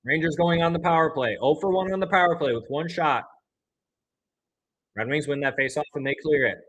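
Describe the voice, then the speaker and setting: A young man with a slightly high voice calls a hockey game for a fan livestream. His play-by-play is partisan, running from low, even calls to sudden loud outbursts of frustration. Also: brisk, dull audio. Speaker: livestream host.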